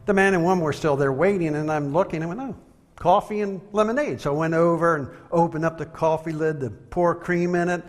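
Male preacher, conversational sermon, animated storytelling, slightly high voice, reverberant hall. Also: brisk, hardly any pauses. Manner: conversational, animated, acts out quotes.

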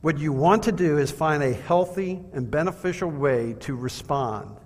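A man preaching a sermon, measured and earnest, asking his listeners rhetorical questions. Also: on the high side. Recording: long hall reverb.

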